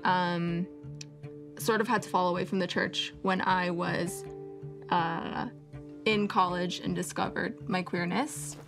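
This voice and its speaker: A woman's voice: fairly low pitch, steady tone, creaky. A young woman giving a personal testimony, speaking hesitantly. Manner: slow and hesitant. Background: guitar music.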